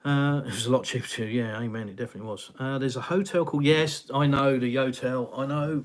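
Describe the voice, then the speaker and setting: A man's voice: medium pitch, fast talker. Middle-aged English man, live-stream host; chatty, meandering, lots of fillers. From England. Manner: rambling, conversational, frequent fillers and sighs. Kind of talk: casual live chat reading viewer comments. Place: home, in Russia.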